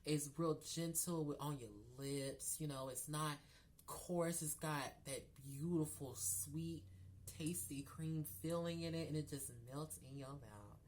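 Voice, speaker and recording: A man's voice: a little high, unhurried. A man telling a casual storytime to viewers, sassy and gossipy, calling them girl and y'all. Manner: animated with laughs and sudden loud outbursts. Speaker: storyteller vlogger.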